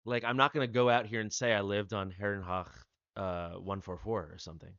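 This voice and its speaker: A man's voice: fairly low pitch, steady tone, fairly quick, a bit bright, dry recording. Rambling New man on a dull dry mic. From United States. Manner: rambling storyteller, restarts often. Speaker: streamer host. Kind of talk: casual chat.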